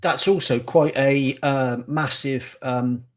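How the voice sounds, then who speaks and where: A man's voice: mid-range voice, fairly even intonation, slow pace. A man hosting an interview, chatting casually and prompting his guest. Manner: conversational, prompting. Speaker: podcast host.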